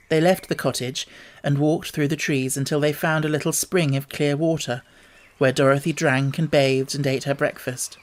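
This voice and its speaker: A man narrating an audiobook with a steady, measured storytelling delivery. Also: a little high. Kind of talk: scripted narration.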